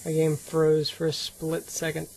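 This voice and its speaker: A young man streaming live gameplay commentary into a desk microphone, excitable, swearing and talking back at the game. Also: a little high, a little slow, creaky.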